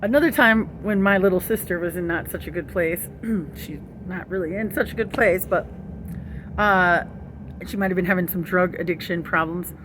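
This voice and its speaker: A young woman chats to her camera in a rambling, profane storytelling style, often laughing. Her voice sits low for a woman. A faint hiss of room ambience runs behind her. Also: moderate pace. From St. Louis area. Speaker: vlogger.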